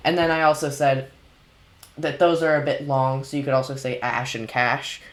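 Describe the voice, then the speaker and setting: A man hosting a casual chat, rambling excitedly with lots of restarts and fillers. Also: medium pitch, moderate pace. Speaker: podcast host reacting to a video.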